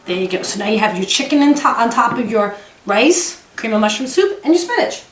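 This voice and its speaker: A woman's voice: on the high side, very animated, a little fast. A woman hosting a home cooking demonstration in her kitchen, chatty and gushing with exclamations. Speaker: cooking show host. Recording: echoey kitchen with the mic at a distance.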